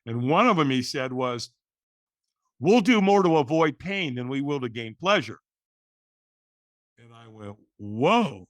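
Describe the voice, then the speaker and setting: A podcast guest, a middle-aged man, narrates a personal story lively enough to act out every quote, though he keeps restarting words. His mid-range voice moves unhurriedly with long pauses, captured in studio quality without any room sound.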